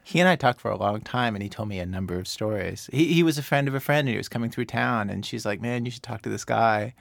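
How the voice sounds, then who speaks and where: A man's voice: medium pitch, fast talker, creaky, no room sound. A man who works as a radio producer, explaining storytelling craft in a chatty way, full of fillers and repeats. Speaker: radio producer, interview guest.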